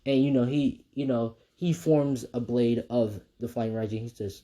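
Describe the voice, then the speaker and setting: A man's voice: mid-range voice, fairly even intonation, normal speed, hardly any pauses, dark tone. A man casually retelling a fan story, rambling with many fillers and restarts.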